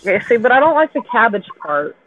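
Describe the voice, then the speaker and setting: A woman's voice: a little high, big pitch swings, a little fast, fairly bright tone, no echo. A blunt woman who swears casually, chatting over a tinny phone-like line. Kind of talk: casual chat.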